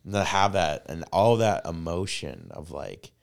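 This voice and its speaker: Low-voiced man telling a rambling sports story. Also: unhurried, creaky. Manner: rambling, excitable storytelling, heavy swearing, many fillers. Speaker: podcast co-host. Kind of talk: casual chat.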